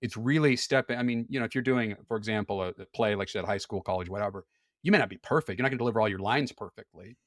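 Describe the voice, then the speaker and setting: A man's voice: fairly low pitch, racing, no room sound, clean studio sound. A man talking candidly as a podcast guest, explaining things frankly with occasional laughs. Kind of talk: casual conversation.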